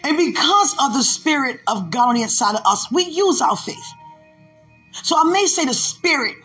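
A woman's voice: high-pitched, animated, moderate pace, pushed and bright, soft background music. A woman hosting a devotional podcast, laughing often and talking aloud to God between emphatic, preachy lines. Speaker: podcast host.

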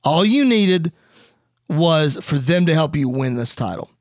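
A man's voice: on the high side, animated, measured pace, a little mellow, no room sound, clean studio sound, voice pushed down. A man voicing an earnest male wrestler pleading with his friend.

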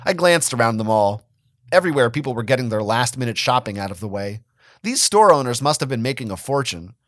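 A man's voice: mid-range voice, brisk, no echo, clean studio sound. A man giving a dramatic first-person reading of a story. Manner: expressive, dramatic. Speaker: reader.

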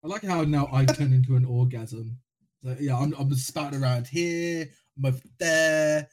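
A man's voice: medium pitch, moderate pace, darkish tone. A man chatting on a podcast who swears constantly and cracks crude jokes. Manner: crude, swearing a lot, joking. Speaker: podcast co-host. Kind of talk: casual podcast chat.

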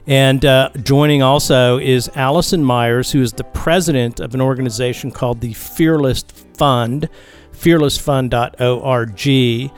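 A man co-hosting a podcast, talking in a relaxed, casual way with restarts and fillers. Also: mid-range voice, unhurried, smooth, faint music behind. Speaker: podcast co-host.

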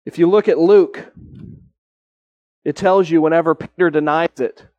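A man with a high voice preaches with earnest conviction, lifting his pitch on the points he wants to land and slowing right down to stress them. The sound is close and dry, with no room around it. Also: steady tone, darkish tone, no room sound, highs cut off. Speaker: pastor. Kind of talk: sermon.

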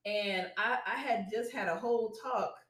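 A woman's voice: moderate pace, roomy sound. A woman chatting casually, telling stories with lots of laughter and acting out the quotes. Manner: animated storyteller, laughs often, acts out quotes in a high voice. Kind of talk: casual chat.

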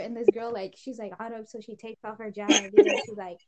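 Teenage girl, casual podcast chat, giggly storyteller, slightly high voice. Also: fairly even intonation, quick pace, noisy background. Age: teens. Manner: giggly storytelling, bursts into laughter. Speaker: podcast co-host.

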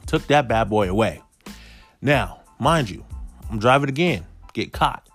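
Man, thirties, casual storytelling, animated, rhetorical questions, loose cursing, faint music behind. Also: mid-range voice, a little slow. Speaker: storyteller addressing viewers.

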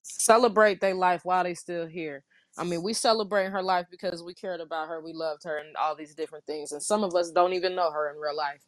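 Woman, host, low voice, emphatic, dry sound. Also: steady tone, brisk, no echo. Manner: emphatic, repeats words. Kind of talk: casual tribute chat.

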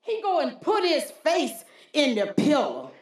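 A woman preacher delivering a folksy, animated sermon with call-and-response, in a church. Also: sits high, a little slow. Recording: roomy church hall echo.

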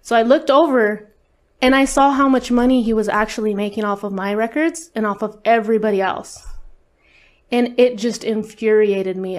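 A woman with a fairly high-pitched voice recounts something personal as an interview guest. She keeps it casual and candid, cursing often and filling the gaps with fillers.

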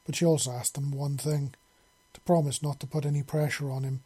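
Husky male storybook narrator. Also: fairly high pitch, a little fast. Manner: steady, storytelling.

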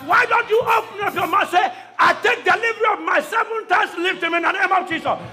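A man preaching a shouted call-and-response sermon to a congregation, pausing for replies and breaking into tongues. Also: very high-pitched, faint music behind, a faint crowd. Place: church service with congregation.

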